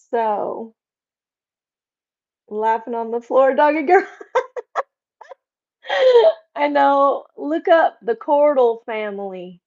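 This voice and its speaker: A woman hosting a casual live chat, reading out viewers' comments and joking around with a quick laugh. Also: high-pitched, big pitch swings. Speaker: livestream host. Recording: slightly dull lo-fi stream audio.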